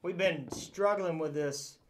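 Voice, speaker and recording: A man's voice: fairly high pitch, slow pace, a little hiss or hum. A man with a Southern US accent, co-hosting a casual livestream chat in an easygoing way. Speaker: co-host.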